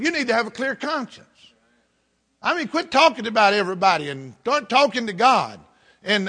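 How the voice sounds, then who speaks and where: A man's voice: high-pitched, sharp tone. A middle-aged man from the Southern United States, preaching a sermon in a folksy storytelling way with country turns of phrase.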